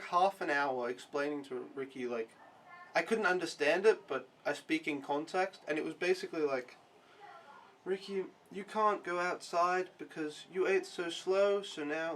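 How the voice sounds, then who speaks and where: Young man, sore-throated, rambling casual vlogger, slightly high voice, faint noise behind. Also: a bit bright. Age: young adult. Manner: rambling, swears freely, many fillers. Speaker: au pair vlogger. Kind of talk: casual chat.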